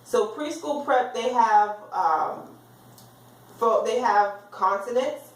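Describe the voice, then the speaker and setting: A woman teacher explaining reading skills in a class lecture, sounding out words slowly. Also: on the high side. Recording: roomy, from far off the mic.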